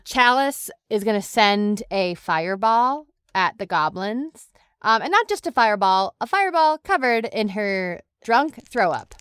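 A woman playing a tabletop game, talking in an animated way. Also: mid-range voice, unhurried, clear, resonant tone, no echo, clean studio sound. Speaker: player. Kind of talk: in-character game play.

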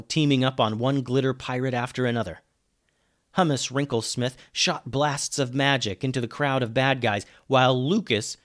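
A man narrating a children's pirate adventure at a middle pitch. He tells it lively and plain, dropping his voice for the speech tags. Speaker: storyteller. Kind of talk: reading a children's adventure story.

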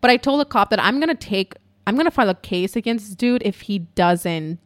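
A woman hosting a podcast, telling a story in a casual, profane, chatty way with lots of fillers, going from loud to hushed. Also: mid-range voice, brisk. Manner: animated, swinging between loud and hushed. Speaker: podcast host.

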